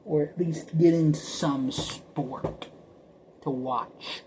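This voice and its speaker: A man rambling through a casual vlog monologue at a mid-range pitch. He stutters and repeats himself, sometimes sinking into a whisper, with a faint hiss of noise behind him. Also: steady tone, slow, a little mellow, low-quality recording. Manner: drops to whispers at times. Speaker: vlogger.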